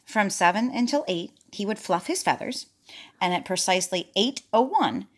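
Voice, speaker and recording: A woman's voice: mid-range voice, lively intonation, normal speed. A woman reading a picture book aloud to a child, chatty and playful, stopping to talk about the pictures. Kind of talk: storybook read-aloud to a child.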